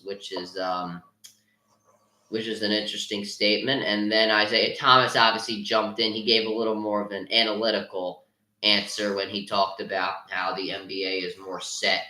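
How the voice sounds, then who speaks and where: A man's voice: lowish voice, bright, forceful tone. A young man hosting a casual sports podcast, giving strong opinions with lots of ums and restarts. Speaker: podcast host. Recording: roomy echo.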